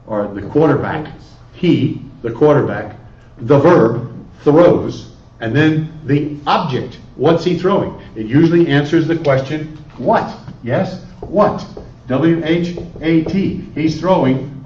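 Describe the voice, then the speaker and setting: A man's voice: mid-range voice, darkish tone. Male Spanish teacher, quizzing style, muffled lo-fi classroom recording from afar. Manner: questioning, coaxing students with repeated prompts. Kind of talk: classroom lesson. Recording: echoey room, distant lo-fi camera audio.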